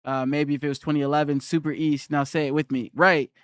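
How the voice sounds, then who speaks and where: A man's voice: on the high side, little pitch movement, fairly quick, smooth, no room sound. A young man on a live stream who argues with his chat, repeats his challenge and reads their comments aloud.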